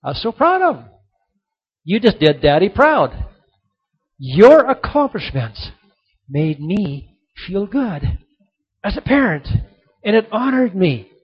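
A man's voice: sits high, sing-song, slow pace, pauses often, slightly rough. Emphatic middle-aged male youth preacher. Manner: emphatic, repeats key points, drops to soft earnest tones. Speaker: youth speaker. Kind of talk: motivational sermon to a young audience. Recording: dull lo-fi recording.

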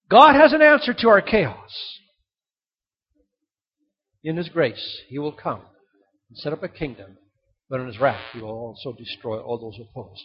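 An older man preaching a sermon, telling stories dramatically with sudden swings between loud and soft. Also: medium pitch, animated, a little slow, pauses often, slightly rough. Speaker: pastor. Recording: dull lo-fi sound.

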